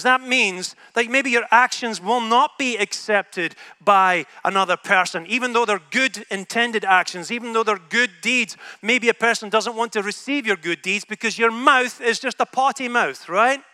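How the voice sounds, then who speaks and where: A man's voice: extremely high pitch, moderate pace, few pauses, sharp tone, clean tone, dry recording. A Scottish man preaching a sermon to a room, humorous and conversational, often asking "right?". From Scotland. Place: in a room with an audience.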